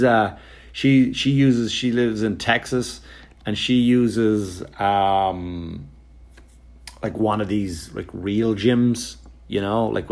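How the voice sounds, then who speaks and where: A male comedian telling a rambling, exasperated story on a podcast, swearing freely and acting out what others said. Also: lowish voice. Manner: profane, exasperated anecdote telling with quoted voices; rambling, with frequent fillers and restarts.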